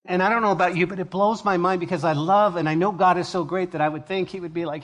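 A male pastor teaching a sermon verse by verse, conversational and expressive, moving from hushed to emphatic. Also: high-pitched, fast talker, hardly any pauses.

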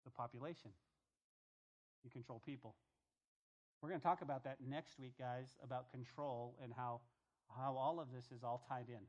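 A man's voice: medium pitch, steady tone, moderate pace, long pauses, lo-fi sound. A man preaching a Bible-teaching sermon, speaking emphatically, repeating phrases and firing rhetorical questions straight at his congregation. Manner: talks directly to the congregation. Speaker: pastor.

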